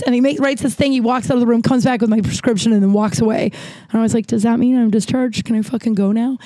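Breathless, rambling woman with a higher voice. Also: fast, warm tone, dry recording. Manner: rambling, frustrated, swearing, acts out quotes. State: out of breath from long covid. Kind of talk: casual storytelling to camera.

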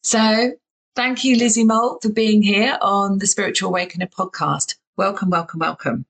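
A woman's voice: mid-range voice, steady tone, moderate pace, creaky, breathy edge, low-quality recording. A woman with a Southern English accent hosting a podcast interview, chatty and enthusiastic, with lots of affirming "yeah"s. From England. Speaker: podcast host. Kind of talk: casual interview chat. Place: home in the UK, remote call.

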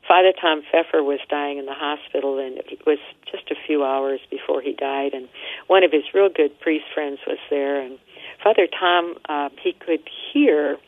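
A woman, a nun and hospice worker, speaking as a guest in an interview about grief and dying, gently and reflectively, often repeating words as she thinks. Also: sits low, steady tone, normal speed, no echo. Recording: tinny phone line.

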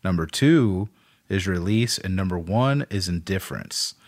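A man's voice: low-pitched, animated, a little slow, no room sound, clean studio sound. A man co-hosting a podcast in casual chat, reading out listener lists with loose laughter and free swearing. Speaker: podcast co-host.

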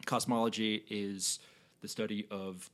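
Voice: mid-range voice, little pitch movement, a little slow, fairly bright tone. A podcast host in casual chat who asks curious questions and gives encouraging replies.

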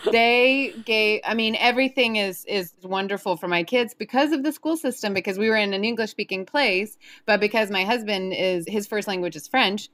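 A woman with a Southern American accent, a children's book author telling animated, self-mocking stories in a casual interview. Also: medium pitch, normal speed, few pauses, dry recording. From Alabama, US Southern.

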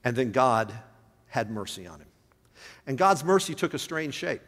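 A man's voice: medium pitch, sing-song, normal speed, a bit bright. A man who is a pastor, preaching a sermon with emphatic rises and drops in his voice. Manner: emphatic preaching, voice rising and falling. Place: church sanctuary. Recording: long hall reverb.

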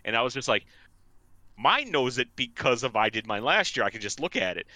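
A man in casual chat, telling an animated story, swearing freely and acting out both sides of each exchange. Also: medium pitch, a little fast, no room sound.

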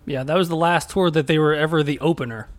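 A man's voice: on the high side, quick pace, dry recording. A man hosting an interview, asking long rambling questions with lots of "you know.". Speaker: host. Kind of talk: podcast interview.

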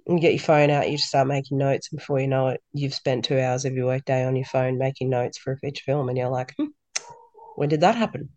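A woman, a podcast guest telling stories in a lively way and acting out dialogue. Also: low voice, dry recording. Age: 30s. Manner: lively storyteller who acts out quoted dialogue. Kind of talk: casual interview chat.

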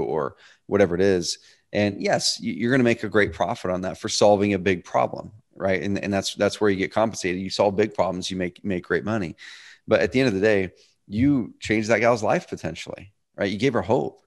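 A man's voice: on the low side, a little fast. A man hosting a casual podcast, upbeat, with stammering restarts, speaking straight to his listeners. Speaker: podcast host.

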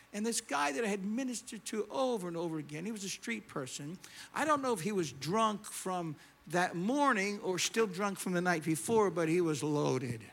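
A man preaching a sermon, telling a story and swinging between loud, animated preaching and quiet storytelling. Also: sits high, gravelly, breathy edge. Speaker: pastor. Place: church sanctuary.

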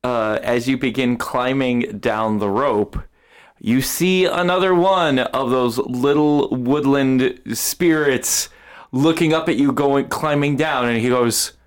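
A man narrating as game master of a tabletop role-playing game, unhurried and hesitant, with frequent fillers. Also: mid-range voice, clean tone.

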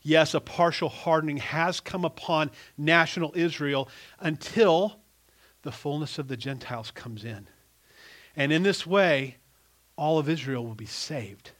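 Male pastor, middle-aged, sermon, emphatic, restarts sentences, fairly high voice. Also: a little slow. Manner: animated, emphatic preaching with repeated restarts.

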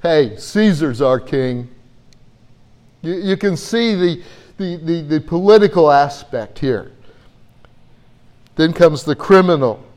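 A man's voice: a little high, expressive, takes it slowly, pauses often, darkish tone. A man preaching a Bible-teaching sermon in an earnest way, often repeating words as he gathers his thoughts.

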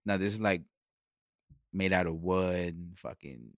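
Young male podcast co-host, relaxed and lowish, casual slang and swearing, dry sound. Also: unhurried, no echo. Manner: laid-back, swears a lot, says "bro".

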